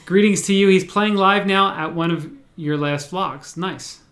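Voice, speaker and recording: A man's voice: sits high, a little slow, a bit bright. Laid-back New man. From New Jersey, USA. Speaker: livestream host. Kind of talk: casual livestream chat, reading viewer comments.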